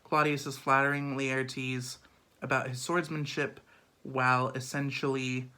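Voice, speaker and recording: A man's voice: medium pitch, level tone, a little slow, bright, forceful tone. Chatty man summarizing a play. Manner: chatty, filler-heavy, lots of "um" and "like". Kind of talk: casual literature summary.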